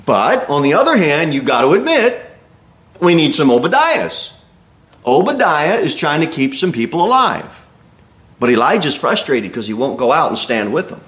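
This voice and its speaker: A man delivers an expository sermon, reading scripture and then acting out what its figures say. His voice sits a little high and moves lively from low asides to loud, rising exclamations. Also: moderate pace. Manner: reads scripture aloud and acts out Bible figures' words; emphatic preaching with rising exclamations. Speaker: pastor.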